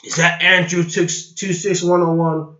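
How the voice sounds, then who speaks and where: A man's voice: high-pitched, flat delivery, unhurried, pushed and bright. A man ranting in a rambling reaction commentary, sighing and repeating himself. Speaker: online commentator. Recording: roomy, dull lo-fi recording.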